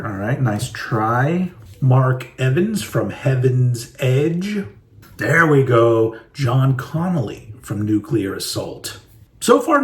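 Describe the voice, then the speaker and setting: A man's voice: medium pitch, far from the mic. A man casually commenting while opening trading card packs, irreverent and swearing freely as he reads the cards aloud. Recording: roomy echo, voice a bit off mic.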